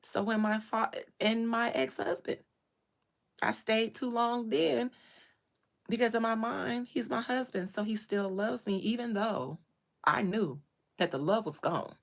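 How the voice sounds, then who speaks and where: A woman's voice: a little high, unhurried. A woman, telling her own life story with strong feeling and repeating phrases for emphasis. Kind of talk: emotional personal storytelling.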